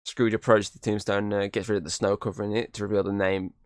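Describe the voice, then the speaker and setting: A man casually recapping a movie on a podcast, his voice sitting a little low. The sound is close and dry. He rambles through the plot and drops into brief impressions of the characters. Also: flat delivery, quick pace, dry recording. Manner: rambling retelling with quoted character lines. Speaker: podcast host.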